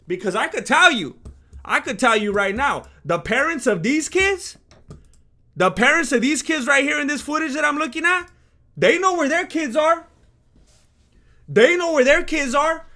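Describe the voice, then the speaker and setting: A man hosting a reaction video, commenting on footage in a slangy, rhetorical way and swinging between low asides and loud outbursts. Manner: slangy and rhetorical, calls people "fool".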